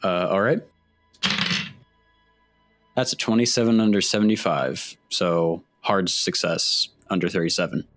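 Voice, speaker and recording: A man with a very deep voice, recorded dry and close, playing his character in a tabletop game. He talks casually and stammers and restarts as he goes, with faint music behind him. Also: measured pace, long pauses, a bit bright, no room sound. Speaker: player.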